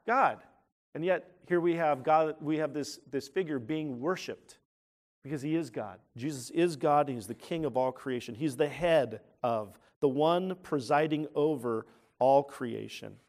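A man's voice: a little high, measured pace. Emphatic man preaching a sermon. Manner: emphatic, swelling loud on key words, frequent restarts. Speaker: pastor.

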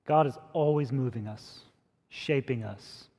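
A man preaching a sermon in a conversational way, growing louder and higher when he makes a point. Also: unhurried, slightly rough, long reverb tail. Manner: conversational preaching, rises in pitch and force when emphatic. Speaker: pastor.

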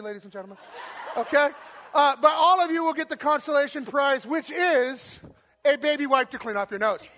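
A man hosting a game on stage for a church audience, then speaking to them. He is energetic and playful, shouting cheers and countdowns and tossing in jokes. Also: very high voice. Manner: playful, joking asides. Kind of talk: live stage talk to an audience.

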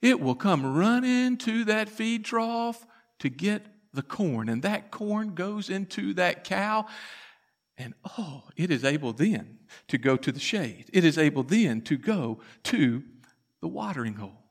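A man preaching a sermon in a church, telling folksy stories with dramatic pauses. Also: sits high, big pitch swings. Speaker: pastor.

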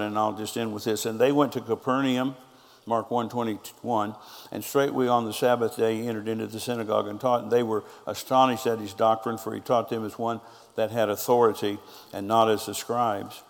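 Gravelly pastor preaching in a hall. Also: male voice, lowish voice, level tone, moderate pace. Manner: storytelling preacher, quoting others in conversation. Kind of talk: sermon.

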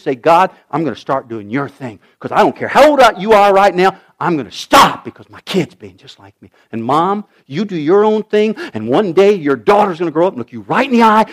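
A male pastor preaching a sermon, swinging from loud urgent shouts to hushed, almost whispered asides. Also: high voice. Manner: animated preaching, rising to shouts, dropping to near whispers.

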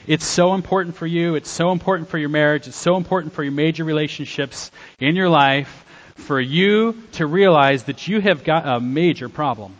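A middle-aged man preaching a sermon as a pastor, swinging between loud exhortation and quiet, soft-spoken asides. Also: fairly high pitch, moderate pace, lo-fi sound.

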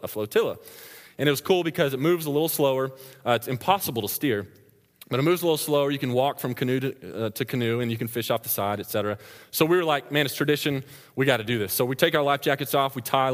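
A man preaching a sermon, telling a story with lively energy and laughing as he goes. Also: mid-range voice. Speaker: pastor. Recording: long reverb of a large hall.

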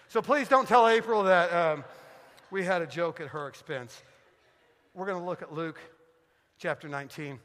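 A middle-aged man preaching in a church, telling funny stories in an animated, joking way. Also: on the high side, normal speed, in a large hall. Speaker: guest pastor. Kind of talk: sermon with storytelling. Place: church sanctuary.

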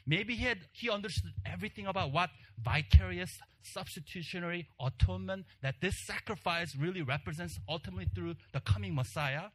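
A high-voiced man preaches a little fast with few pauses, telling a personal story animatedly. He performs the crowd's shouts and then sinks into a hushed voice for emphasis.

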